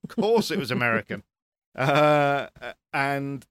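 A man talking rally as a pundit in casual panel chat, animated and repeating words as he presses his points. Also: mid-range voice, slow, slight background noise.

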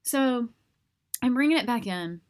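Woman, podcast host, casual storytelling, animated, self-mocking. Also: fairly high pitch, a little slow. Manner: animated, self-mocking, acts out quoted voices.

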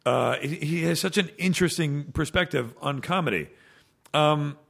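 Gravelly man telling rambling stories. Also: fairly high pitch, moderate pace, a bit bright. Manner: rambling storyteller with frequent fillers and restarts. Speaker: podcast guest, actor. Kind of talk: casual chat.

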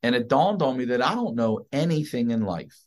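A man tells a wild story as a podcast guest, swearing freely and jumping into other people's voices. His pitch swings widely as he talks, though it sits in an ordinary middle range. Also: fairly quick. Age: adult with a child. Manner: animated, profane, acts out other people's voices. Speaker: comedian guest.

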